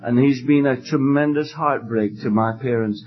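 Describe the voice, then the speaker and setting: A man preaching an evangelistic sermon, telling stories fervently and emphatically, with loud exclamations at times. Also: mid-range voice, moderate pace, slightly rough, lo-fi sound, faint music behind.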